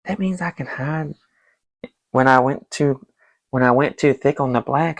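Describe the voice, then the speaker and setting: A young man hosts his painting vlog, chatting loosely, rambling and swearing as he paints. His voice is medium-pitched and unhurried, with long pauses, and there's no room sound.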